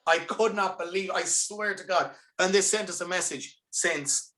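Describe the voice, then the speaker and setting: An Irish man, a band's lead singer, chatting as a guest on a podcast and telling animated, rambling stories with many restarts over earphones on a video call. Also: high voice, normal speed. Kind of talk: casual podcast chat.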